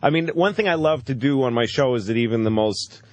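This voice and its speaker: A man's voice: mid-range voice, animated, brisk, dry recording. A middle-aged man, a comedian, telling profane stories on a casual radio talk show and laughing often.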